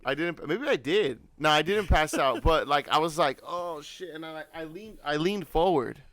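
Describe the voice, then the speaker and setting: Young guy co-host, rambling and swearing, pitch jumping all over, kinda high voice, dry close sound. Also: moderate pace, dry recording. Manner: rambling, animated, full of fillers and swearing. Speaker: podcast co-host. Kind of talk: casual storytelling chat.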